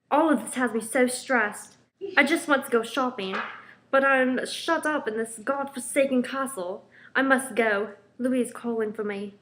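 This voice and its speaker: A woman's voice: sits high, fairly bright tone, poor audio. A woman playing an anxious, pampered queen who reads out a diary entry in a school history role-play. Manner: reading a diary entry, fretful.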